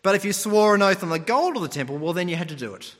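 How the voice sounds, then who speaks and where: Male preacher, animated sermon delivery, high and expressive, long reverb. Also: fast. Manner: animated storytelling, mimics voices.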